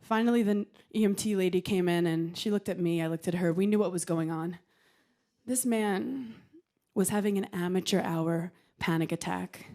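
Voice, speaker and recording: A woman's voice: fairly low pitch, moderate pace. Punchy woman doing stand-up. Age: 30s. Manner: punchy deadpan delivery, acting out quoted voices. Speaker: stand-up comedian. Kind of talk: stand-up comedy set. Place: television studio stage with live audience.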